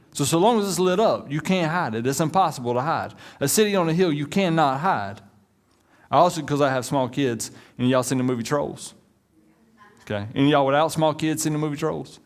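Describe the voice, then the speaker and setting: A man, preaching a sermon in a conversational, joking way and addressing the congregation as y'all. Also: fairly high pitch. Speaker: pastor.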